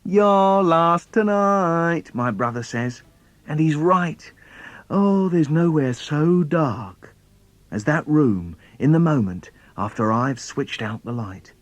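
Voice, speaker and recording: A man's voice: mid-range voice, lively intonation, slow, dry recording. A man performing his own children's poems as dramatic storytelling, theatrical with gasps for suspense.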